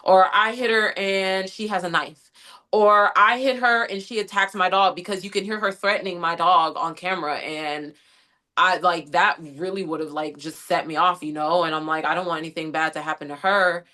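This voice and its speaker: A young adult woman from the United States, an interview guest who tells her story in an animated way and keeps quoting her own thoughts. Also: lowish voice, moderate pace. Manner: animated storytelling, frequent "like" and quoted inner thoughts. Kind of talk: conversational interview recounting an incident.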